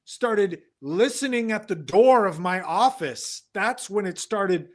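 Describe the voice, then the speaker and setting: A man voicing an aggrieved lone astronaut in an improvised comedy scene, complaining in a low, halting voice. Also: animated.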